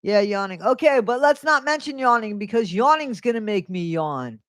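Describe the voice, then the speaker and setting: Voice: medium pitch, lively intonation, normal speed, fairly bright tone, no room sound. A live-stream host chatting casually on a new microphone at home, rambling between topics and reading viewer comments aloud. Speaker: livestream host.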